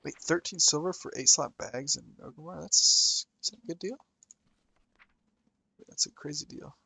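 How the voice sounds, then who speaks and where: Young man streaming a game, gravelly voice. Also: on the high side, moderate pace, pushed and bright. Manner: chatty, slangy, laughs often. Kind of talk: casual gameplay chat.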